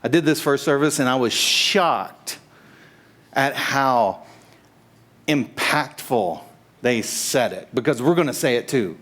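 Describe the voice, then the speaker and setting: A middle-aged man giving a casual, halting sermon and prayer in church, joking with the congregation. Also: medium pitch, animated, a bit bright. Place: church sanctuary.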